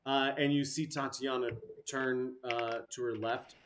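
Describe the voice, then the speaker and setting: A man narrating a tabletop game as game master, halting, with many fillers. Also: mid-range voice, little pitch movement, fairly bright tone, a little hiss or hum.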